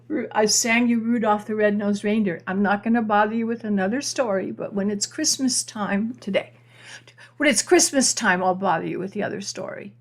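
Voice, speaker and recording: An older woman hosting an astrology live stream, telling a long story in a chatty, meandering way with many restarts and answering viewer comments. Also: mid-range voice. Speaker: astrology channel host.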